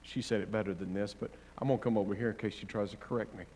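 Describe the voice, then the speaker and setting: A male pastor preaching a sermon, swinging between loud, fervent declarations and quiet, gentle counsel, with playful asides to the congregation. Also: fairly low pitch, steady tone, rapid-fire, big-room sound, a little hiss or hum.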